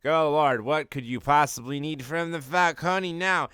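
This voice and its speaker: A man's voice: on the high side, unhurried, fairly bright tone, clean tone, no room sound, studio quality, voice pushed up. A man voicing a mocking male mob boss who jokes on the phone. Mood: teasing.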